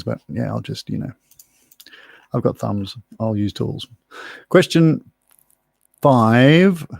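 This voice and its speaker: A man's voice: on the low side, gravelly, a little mellow, no echo, clean studio sound. A man hosting a live online pub quiz from home, chatty and rambling with self-mocking asides. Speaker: quiz host. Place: room at home.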